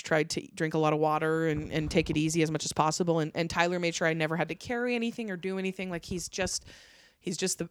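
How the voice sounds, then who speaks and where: Fast-talking woman telling comedy road stories. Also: low-pitched, no echo, clean studio sound. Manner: animated storytelling, swears freely, acts out quotes. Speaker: stand-up comedian, guest. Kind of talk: casual podcast chat.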